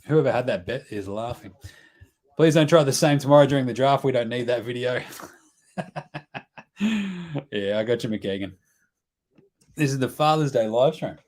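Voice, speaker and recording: A man's voice: mid-range voice, moderate pace, pauses often, darkish tone. Australian male host, casual live stream banter, joking and chatty. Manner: joking, chatty, talks to his baby.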